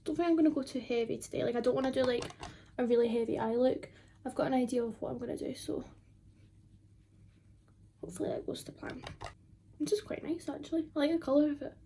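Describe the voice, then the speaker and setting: A woman's voice: high-pitched, racing, dark tone, slight background noise. A twenty-year-old woman, chatting casually and rambling with lots of fillers while doing her makeup at home. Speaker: beauty vlogger.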